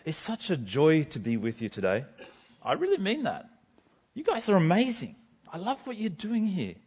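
A man's voice: on the high side, highs cut off. A man playing a bubbly, chatty Barnabas. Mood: upbeat. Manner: chatty, self-deprecating, bubbly. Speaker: guest speaker. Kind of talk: first-person character sermon. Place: school gym.

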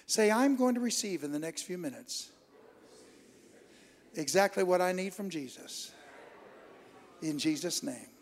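Fervent high-voiced male preacher, echoing hall. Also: lively intonation, a little slow, pauses often. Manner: fervent, swells into exclamations and speaking in tongues. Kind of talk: Pentecostal sermon. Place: church hall. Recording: long reverb in a hall.

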